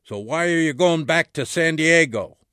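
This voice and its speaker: A man's voice: on the high side, expressive, moderate pace, sharp tone, clean tone, no room sound. A man voices stern, suspicious border police firing short questions. The delivery is curt and probing, in a dry, close space.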